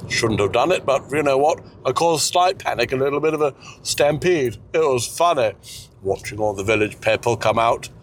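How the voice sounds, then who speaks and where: A man's voice: medium pitch, lively intonation, moderate pace, slight background noise, lightly acted. A man voicing an elderly, foul-mouthed, bossy wife who nags and mocks in a crude, sarcastic way. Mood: mocking.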